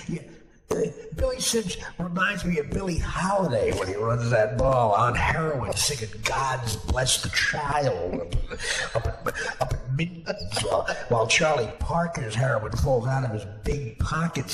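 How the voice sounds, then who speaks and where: A man riffing crude mock sports commentary, jumping between jokes and mocking voices. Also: medium pitch. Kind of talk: crude improvised comedy commentary. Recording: echoey room with background noise.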